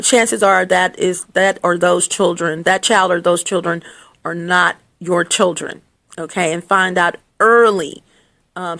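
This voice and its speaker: A woman's voice: medium pitch, fairly bright tone. A woman vlogging blunt advice to camera in a casual, scolding way, recorded on her phone. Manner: blunt, scolding, with laughs and restarts. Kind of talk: casual unscripted rant to camera.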